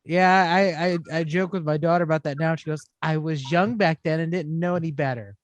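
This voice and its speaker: A man's voice: a little high, fairly even intonation, brisk, no echo. A middle-aged man hosting a podcast, ranting and swearing through casual chat. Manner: ranting and profane. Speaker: podcast host.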